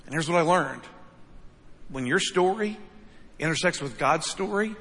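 A man's voice: a little high, expressive, normal speed, a bit bright. A man preaching a sermon as pastor, with an emphatic delivery that repeats phrases and keeps asking "right?". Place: church sanctuary. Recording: long reverb of a large hall.

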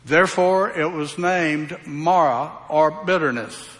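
Slow and a bit bright, his fairly high voice fills a reverberant hall as he works through scripture verse by verse. He preaches in a homespun style, putting rhetorical questions to his listeners.

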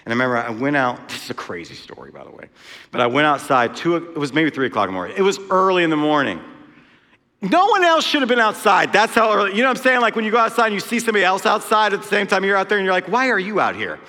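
Guy preaching, chatty storytelling w/ asides, bright high voice, big reverb-y church hall. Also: very animated, racing. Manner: conversational storytelling with frequent asides. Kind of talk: sermon.

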